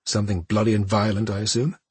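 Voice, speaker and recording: A man doing a shrill, frantic traveler. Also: flat delivery, breathy edge, no echo. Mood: snarling. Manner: shrill, rushed, pleading. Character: frantic, panicked alien traveler.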